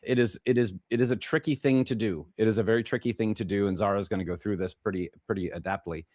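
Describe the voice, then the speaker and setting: A man's voice: lowish voice, fairly even intonation, quick pace, a little mellow, dry recording, studio quality. A man with a Chicago accent hosting a talk show, rambling and restarting his phrases as he introduces a guest. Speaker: podcast host. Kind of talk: casual monologue introducing a guest.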